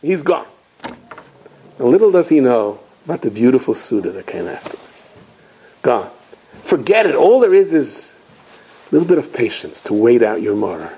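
A man's voice: medium pitch, moderate pace, pauses often, husky, low-quality recording. A man, a rabbi, giving an inspirational holiday talk, telling stories animatedly and acting out the quotes. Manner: animated storytelling with acted quotes.

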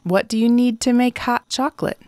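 A woman narrating simple picture descriptions for an English lesson, saying words clearly and repeating them. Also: a little high, fairly even intonation, a little fast, a little mellow, no room sound, studio quality. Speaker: English teacher.

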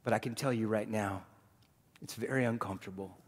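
A male pastor preaching a sermon to his congregation in a lively, joking manner. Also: lowish voice, brisk, breathy edge. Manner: animated preaching, jokes with the congregation. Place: church sanctuary. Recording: long hall reverb.

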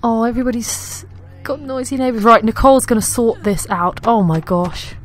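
A woman's voice: fairly high pitch, moderate pace, slight background noise. Chatty woman narrating her game. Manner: chatty, giggly, talks to her game characters. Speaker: gaming YouTuber. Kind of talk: casual Let's Play commentary. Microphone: desktop USB mic. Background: faint game music.

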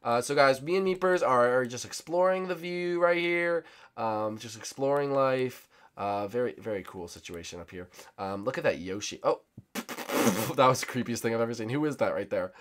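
A young man hosting a gaming channel, giving excitable, teasing commentary with sudden shouts. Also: medium pitch, normal speed. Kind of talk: casual game commentary.

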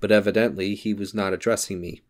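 A man narrating a novel as an audiobook, reading in a steady, measured way. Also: fairly low pitch. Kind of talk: scripted narration.

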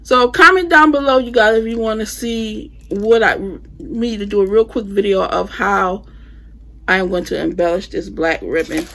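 Speaking at a normal pace with a medium pitch and fairly bright tone, this woman runs a relaxed haul chat as a home decor vlogger. She shows off the holiday decorations she bought, talking to "you guys" and dropping words like "y'all" and "I'ma."

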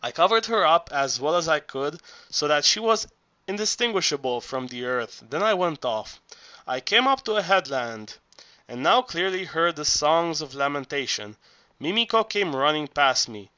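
A man narrating an audiobook in a halting reading voice, often stumbling and restarting words. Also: on the high side, very animated, pushed and bright, no room sound.

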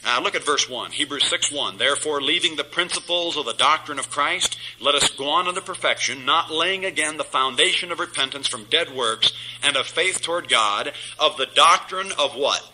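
Bright-voiced emphatic male pastor. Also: fairly high pitch, moderate pace, slight background noise, low-quality recording. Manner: emphatic, preacherly, chuckles at own jabs. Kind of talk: Bible study sermon.

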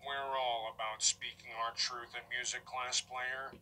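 A man voicing a deadpan adult male teacher and coach in a cartoon, speaking in a flat, bored drawl. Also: mid-range voice, unhurried, a little hiss or hum, rough recording. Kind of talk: cartoon voice acting.

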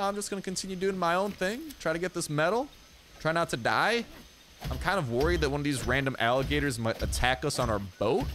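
Young male gaming host, lively swooping voice, joking and taunting, faint game noise under it. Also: medium pitch. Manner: excitable, jokey, taunts animals in game; casual slang, talks to viewers. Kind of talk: let's play commentary.

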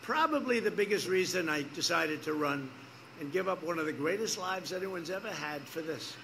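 A man's voice: on the high side, animated, moderate pace, creaky, noisy background. A man gives a rambling, repetitive campaign rally speech outdoors, making emphatic asides to the crowd. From United States. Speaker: politician speaking at a rally.

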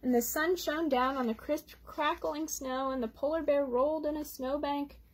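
A woman reading a children's picture book aloud at storytime, gently pausing to explain words for young listeners. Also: high-pitched, steady tone. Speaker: storytime reader.

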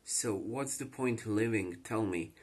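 A man with a Croatian accent speaks in a low, husky voice, distressed and rambling as he repeats himself. It is an emotional confessional vlog monologue. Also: unhurried, a little mellow. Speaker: vlogger.

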